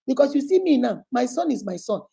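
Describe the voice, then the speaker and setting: Gravelly Nigerian woman giving earnest advice. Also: sits high, sing-song, fast, dark tone. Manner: earnest and emphatic, lapses into Igbo phrases. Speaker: relationship advice host. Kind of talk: motivational advice talk.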